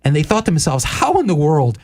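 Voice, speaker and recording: A man's voice: fairly high pitch, very animated, fast, a little mellow. Preachy, emphatic talk-show host man. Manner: sermon-like, emphatic, lists words.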